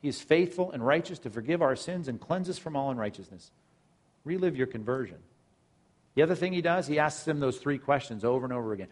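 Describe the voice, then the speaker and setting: A man's voice: fairly high pitch, animated, fast. Man preaching with emphatic repetition. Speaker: pastor. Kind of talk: sermon.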